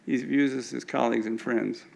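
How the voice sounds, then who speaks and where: A man's voice: medium pitch, fairly even intonation, normal speed, creaky, a little mellow, muffled recording. An older man giving an anecdotal lecture with slides at an alumni event, often stumbling and restarting his words.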